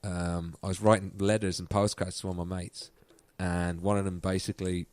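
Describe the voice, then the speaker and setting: A man's voice: low-pitched, flat delivery, moderate pace, a little mellow, no echo. A man from Ireland with an Irish accent, a guest musician telling a story in casual chat and laughing often.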